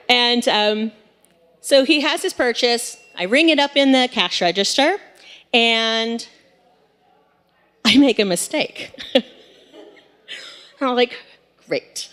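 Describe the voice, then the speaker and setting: A woman in her forties telling a story live on stage, in a chatty, animated way with lots of fillers. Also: on the high side. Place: stage in a hall. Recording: long hall reverb.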